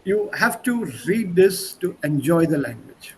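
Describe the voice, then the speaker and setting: A man's voice: high-pitched, big pitch swings, unhurried, slight background noise, rough recording. Chatty man teaching online. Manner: chatty, repeats words, switches between languages. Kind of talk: online language lesson. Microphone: video call.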